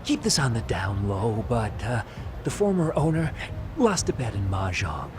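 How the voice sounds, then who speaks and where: An actor playing an excitable, downtrodden middle-aged male bar manager in a video game, swinging between gushing and glum. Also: on the low side, normal speed, noisy background.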